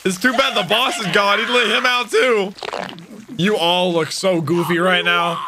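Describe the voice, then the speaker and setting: A young man reacting to an anime episode as host, excitable, exclaiming and laughing often, with the show's music playing behind him. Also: sits high, unhurried, a little hiss or hum. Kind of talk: live reaction commentary. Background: anime episode audio with music.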